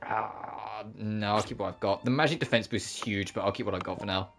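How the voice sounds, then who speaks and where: A streamer chatting through a game, animated and chatty, laughing often and swearing now and then. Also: medium pitch, fairly quick, creaky. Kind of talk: let's-play commentary. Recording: faint game music behind.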